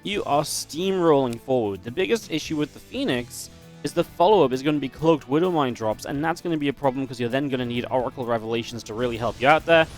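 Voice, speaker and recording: A man's voice: medium pitch, fast talker, soft background music. A man casting a strategy game match, chatty and analytical, breaking into easy laughs. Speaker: esports caster. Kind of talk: play-by-play game commentary.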